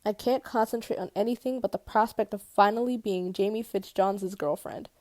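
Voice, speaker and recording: A woman's voice: mid-range voice, normal speed, a little mellow, no room sound. A woman reading a first-person novel aloud in a casual way, correcting her slips and swearing at them. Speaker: audiobook reader.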